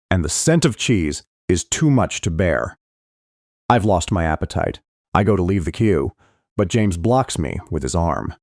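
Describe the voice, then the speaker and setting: Deep-voiced man narrating a thriller audiobook. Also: dry recording, studio quality. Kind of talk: scripted first-person audiobook narration.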